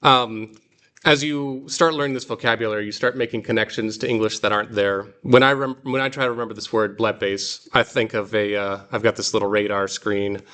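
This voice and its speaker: A man's voice: fairly low pitch, steady tone, fairly quick, sharp tone. A man teaching a Greek reading class, explaining patiently with examples. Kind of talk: classroom lesson.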